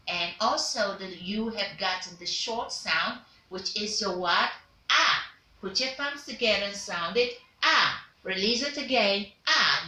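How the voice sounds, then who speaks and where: In this call-and-response pronunciation class, a woman who teaches diction runs vowel drills and has students repeat words after her. Her mid-range voice is bright and forceful. The recording feels roomy and carries a little hiss or hum.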